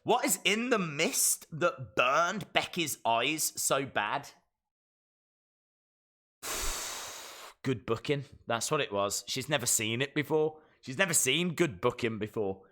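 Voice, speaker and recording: A man streaming a live wrestling watch-along, reacting with jokes and sudden shouted mimicry. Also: mid-range voice, takes it slowly, long pauses. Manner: animated, jokey, mimics wrestlers in shouted bits.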